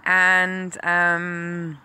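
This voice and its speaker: A woman's voice: lowish voice, completely flat delivery, very slow, bright, forceful tone, smooth. A woman from England telling her own story as a mother, candid and full of ums. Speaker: mother sharing her cancer experience. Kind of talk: personal talk to camera.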